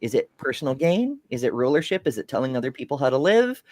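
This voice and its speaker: A man in the middle of a casual podcast panel chat. He tells stories in a lively, swearing rush, his pitch swinging widely from line to line. The sound is dry and close, with no room around it. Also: quick pace, no echo. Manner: profane, animated storytelling. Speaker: podcast co-host.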